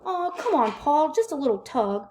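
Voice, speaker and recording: A woman's voice: sits high, very animated, normal speed, darkish tone, a little hiss or hum, voice pushed up. A woman reading aloud, voicing a small talking pigtail that coaxes and pleads. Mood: wheedling. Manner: wheedling, pleading.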